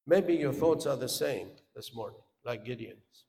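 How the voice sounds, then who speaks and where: A man preaching a sermon, swinging from loud, emphatic cries down to quiet asides. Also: medium pitch, animated, unhurried, vocal fry. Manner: preaching with dramatic rises into shouts and drops to a hush. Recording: long hall reverb.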